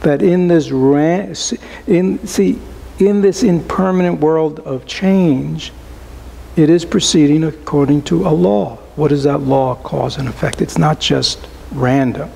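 A man giving a relaxed, conversational dharma talk to a small group as a Buddhist teacher, often asking rhetorical questions and adding "right?". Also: on the high side, measured pace, vocal fry, husky, low-quality recording.

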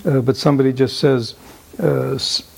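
Husky, gravelly man teaching meditation. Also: medium pitch, steady tone, darkish tone. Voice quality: often drops to an unvoiced whisper. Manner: halting, many fillers, rhetorical "right?". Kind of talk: dharma talk answering questions.

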